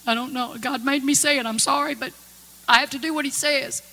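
A gospel singer gives earnest, folksy spoken testimony to a congregation in a church or conference hall. Her high-pitched voice is steady, brisk and sharp in tone. The recording has long hall reverb with music.

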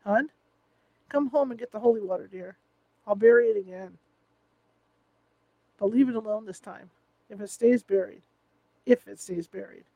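A man voicing a sleepy, caring wife talking on the phone late at night, in a drowsy, gently reassuring way. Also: sits high, moderate pace, vocal fry, long pauses, no room sound, rough recording. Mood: sleepy concern.

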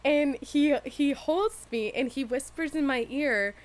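A woman's voice: high-pitched, measured pace. A woman co-hosting a podcast, telling a personal story candidly and laughing often as she talks. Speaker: podcast co-host. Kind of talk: casual chat.

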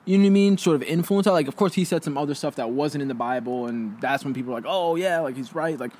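A man's voice: mid-range voice, steady tone, fast talker, warm tone. A young man hosting a casual conversation, rambling with lots of fillers and restarts.

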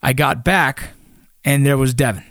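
A man's voice: medium pitch, unhurried, fairly bright tone, no room sound, clean studio sound. A man who is a former Army Ranger, telling a personal story in a casual, blunt way, full of swearing and fillers. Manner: blunt and profane, with many fillers.

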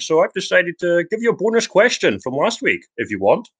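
A man with a Geordie accent hosting a comic podcast, joking around with lively, excitable banter. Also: mid-range voice, normal speed, few pauses. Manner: lively, jokey, swings into big excited exclamations. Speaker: podcast host.

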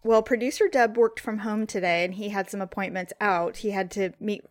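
A middle-aged woman co-hosting a podcast in casual chat, with a husky morning voice and a chatty, rambling manner. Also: medium pitch, steady tone, fairly quick, dry recording. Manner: chatty and rambling, laughs often. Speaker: podcast co-host.

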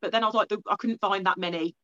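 A woman's voice: medium pitch, fairly even intonation, very fast, bright, forceful tone, no room sound, lo-fi sound. A woman, a strongwoman athlete chatting as a podcast guest, with lots of "like" and "kind of". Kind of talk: casual podcast conversation.

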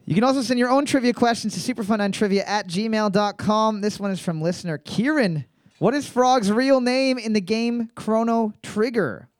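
A man hosting live trivia, reading each question twice in a slow, drawn-out way and joking between questions. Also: high voice, dry recording, clean studio sound. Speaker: trivia host.

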